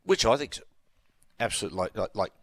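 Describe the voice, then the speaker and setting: A man's voice: lowish voice, big pitch swings, normal speed. A middle-aged Australian man hosting a casual chat, telling self-mocking stories with a laugh. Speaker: host.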